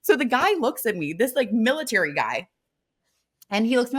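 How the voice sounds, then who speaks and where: A young woman co-hosting a podcast, telling a story in a casual, animated way with lots of fillers. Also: fairly high pitch, fairly quick. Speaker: podcast co-host.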